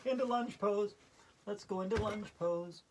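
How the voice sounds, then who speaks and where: A woman's voice: mid-range voice, measured pace, a little hiss or hum. A woman hosting a playful yoga routine, giggling and laughing through the poses. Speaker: yoga video host.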